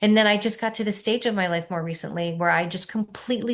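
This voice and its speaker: A woman in her fifties, a coach leading an online workshop, talking in an earnest, encouraging way and easing into soft, slow guided reflection. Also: mid-range voice.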